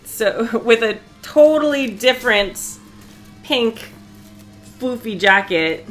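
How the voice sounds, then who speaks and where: A woman's voice: fairly high pitch, slow pace, a bit bright, faint music behind. A woman chatting casually on a live stream while she sews, talkative and often breaking into laughter.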